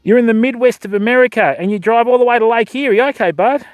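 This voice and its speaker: A man's voice: very high voice, quick pace, dry recording. A Western Australian man hosting a fishing livestream outdoors, bantering and joking with his chat. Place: outdoors by a river shore.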